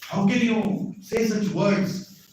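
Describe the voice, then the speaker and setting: A man's voice: high voice, little pitch movement, slow, darkish tone, a little hiss or hum, pitched above the performer's own voice. A man voicing a bold, proud young warrior hero making defiant vows, recorded far off in an echoey hall. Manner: vowing, defiant declarations.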